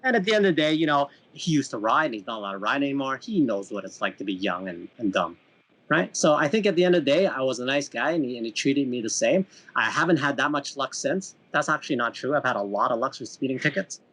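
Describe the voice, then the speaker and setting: Man, 30s, from canada, podcast host, rambling storyteller, restarts a lot, self-mocking, mid-pitched voice. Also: animated, fast, a bit bright. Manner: rambling storyteller with many restarts, laughs at himself. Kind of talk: casual podcast chat.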